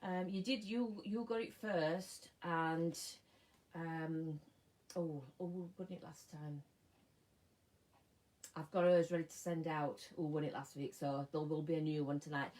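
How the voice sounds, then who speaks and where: A woman's voice: low-pitched, steady tone, a little slow, darkish tone, rough recording. A middle-aged English woman hosting a live sewing stream, chatting casually, greeting viewers by name and sometimes losing her words, sounding tired. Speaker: sewing channel host. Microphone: phone or camera mic.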